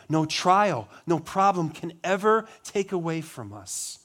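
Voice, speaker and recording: A pastor preaching a sermon, asking the congregation rhetorical questions, building emphasis and then dropping to a low, quiet voice on solemn lines. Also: male voice, very animated, slow, few pauses. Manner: rhetorical questions, rising emphasis on key words.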